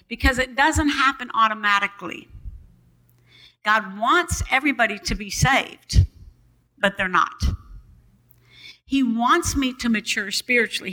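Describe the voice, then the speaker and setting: An older woman preaching a sermon in a church on a boom mic, calling out to the congregation for responses. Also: pushed and bright, rough recording.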